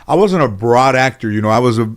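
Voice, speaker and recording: A man's voice: medium pitch, lively intonation, fast. A middle-aged man, a guest in an interview, telling casual stories in a rambling way full of "you know". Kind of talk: casual storytelling.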